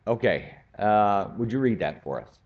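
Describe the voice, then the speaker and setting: A man teaching a Bible study class, speaking slowly and deliberately and building to emphatic points. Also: fairly low pitch, animated. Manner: slow, deliberate, rising to emphatic. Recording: dull lo-fi recording.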